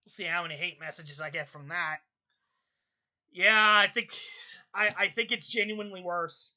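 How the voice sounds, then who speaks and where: A young woman hosts her channel in a loose, ranting commentary. Her bright, sharp voice carries constant exasperation and swearing, leaping high when she gets worked up. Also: steady tone, normal speed. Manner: exasperated, swearing, rants with high-pitched outbursts. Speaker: channel host.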